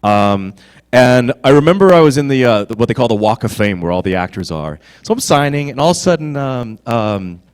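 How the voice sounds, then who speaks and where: A man in his forties, a guest on a convention panel, telling stories in an animated way and breaking into loud mock voices. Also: mid-range voice, brisk, clean tone. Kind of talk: storytelling on a panel stage. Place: convention hall stage.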